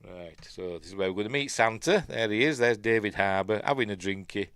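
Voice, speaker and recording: Yorkshire host, middle-aged man, lowish voice, dry close mic, rambly chatty film talk. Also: a little fast, a bit bright, clear, resonant tone, no room sound. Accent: Yorkshire English. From Yorkshire, England. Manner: chatty, rambling, self-deprecating asides. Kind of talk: casual live film commentary.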